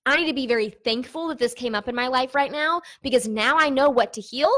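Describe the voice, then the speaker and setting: Talking quickly in a fairly high, bright voice, a young woman addresses her viewers in a casual vlog. She's candid and talkative, leaning on fillers as she sorts through personal reflections on her online business.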